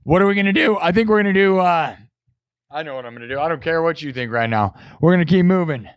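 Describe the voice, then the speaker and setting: A man's voice: on the high side, animated, quick pace, clear, resonant tone, dry recording. Brief: teasing male stream host, ranting, dry close sound. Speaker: livestream host and musician. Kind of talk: casual livestream chat.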